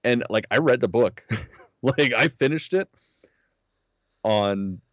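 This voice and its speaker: A man co-hosting a podcast in a casual, profane chat, his voice a little hoarse. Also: mid-range voice, slow pace, no echo, muffled recording. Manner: profane, animated storytelling. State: slightly hoarse. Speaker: podcast co-host.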